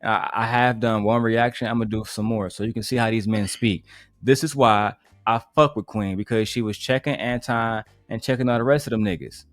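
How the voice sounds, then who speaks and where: A man's voice: lowish voice, fairly even intonation, fairly quick, no echo. A man hosting a reaction livestream, talking in a blunt, profane, ranting way. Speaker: livestream host. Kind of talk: casual reaction stream chat.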